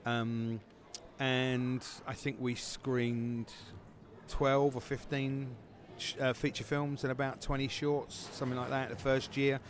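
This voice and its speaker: A man's voice: medium pitch, level tone, takes it slowly, a little hiss or hum. A man who founded a film festival, answering interview questions casually with many fillers and restarts.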